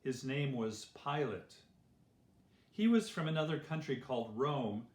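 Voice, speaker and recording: A man slowly and gently reading a Bible story for children. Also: mid-range voice, animated. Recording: roomy echo.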